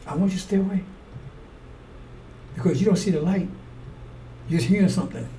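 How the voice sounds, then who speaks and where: Blunt, profane preacher, distant mic. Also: male voice, high-pitched, brisk, warm tone. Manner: blunt, profane, rambling, with acted-out quotes. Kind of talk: fiery street-style sermon. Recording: distant mic with faint noise.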